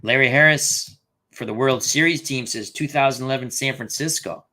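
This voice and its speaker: A man's voice: mid-range voice, moderate pace, sharp tone. A man hosting a casual live stream, thinking aloud and reading out viewer comments. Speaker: host.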